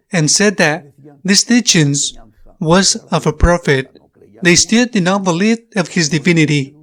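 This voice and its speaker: A male priest whose first language is Spanish, giving a sermon in slow, measured phrases that repeat for emphasis. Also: fairly high pitch, fairly bright tone.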